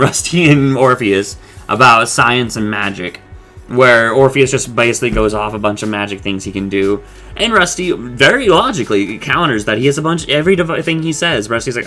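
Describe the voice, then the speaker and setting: A man's voice: medium pitch, animated, moderate pace, pushed and bright, soft background music. A man hosting a podcast, casually recapping and discussing an episode in a rambling way, swearing freely and paraphrasing the characters' lines. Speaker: podcast host.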